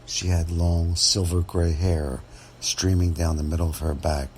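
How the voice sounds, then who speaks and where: A man, a real estate agent, telling a true story from his work in a measured, dramatic way. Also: low voice, little pitch movement, a little mellow, a little hiss or hum. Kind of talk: first-person storytelling podcast.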